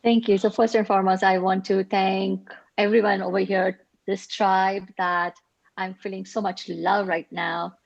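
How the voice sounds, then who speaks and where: A woman's voice: mid-range voice, little pitch movement, a little slow, gravelly, no room sound, lo-fi sound. A woman sharing a grateful, emotional healing testimony on a video call. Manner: heartfelt, grateful, gets emotional. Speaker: participant sharing a healing story.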